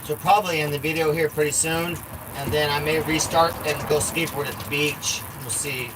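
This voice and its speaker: A man's voice: a little high, fairly even intonation, fairly quick, background noise. Profane, blunt man vlogging from an RV. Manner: blunt, profane, talks to his cats in baby talk. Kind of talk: casual rambling vlog. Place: inside an RV.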